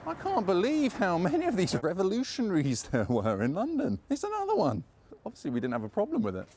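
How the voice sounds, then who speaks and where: A man's voice: high voice, wildly swooping pitch, fast, a little mellow, husky. A man hosting a travel video, chatting in a jokey way while walking city streets outdoors on a lapel mic. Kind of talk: casual walking-tour chat. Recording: faint street ambience.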